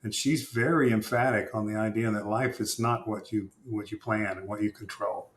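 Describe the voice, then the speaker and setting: A man, an author who is a guest on a podcast, answering in a thoughtful, measured way and pausing with uhs. He speaks in a conversational interview style. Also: fairly low pitch, fairly even intonation, echoey room.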